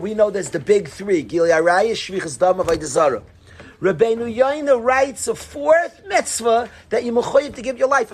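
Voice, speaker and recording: A man teaching a Talmud class, telling the stories in an animated way and mixing in Hebrew and Aramaic terms. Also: sits high, husky.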